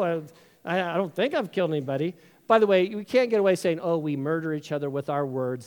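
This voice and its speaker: A high-voiced man preaching to a congregation. He keeps it conversational and joking, and slips into little character voices when he tells a story. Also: a little mellow. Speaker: pastor. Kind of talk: sermon.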